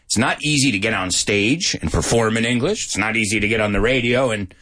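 A man's voice: fairly low pitch, a little fast, bright, forceful tone. A man hosting a casual radio interview, laughing often and slipping into Spanish. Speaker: radio host.

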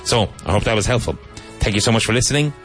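A man teaching English vocabulary, reading each word and repeating it slowly, sometimes spelling it out letter by letter. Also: lowish voice, expressive, a bit bright, faint music behind. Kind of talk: slow vocabulary drill lesson.

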